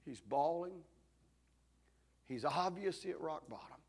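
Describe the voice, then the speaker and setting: A male pastor, preaching a sermon as a dramatic story that swings between shouting and hushed tones. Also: mid-range voice, unhurried, long pauses.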